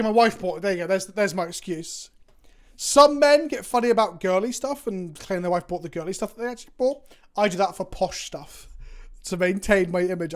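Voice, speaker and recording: An English man chatting casually on a stream, rambling and swearing with self-mocking banter. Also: high voice. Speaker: Magic card game content creator. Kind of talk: casual chat on a live stream.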